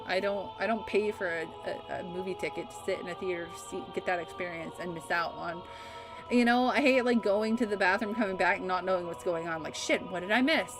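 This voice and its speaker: A woman's voice: fairly low pitch, brisk. A woman livestreaming a game, chatting casually with her viewers in a bubbly, laughing manner. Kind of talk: casual gaming livestream chat. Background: game music.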